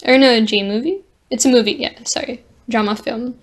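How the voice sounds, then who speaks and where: A woman's voice: a little high, steady tone, moderate pace. A woman co-hosting a podcast in casual chat, chatty, laughing often and trailing off with fillers. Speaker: podcast co-host.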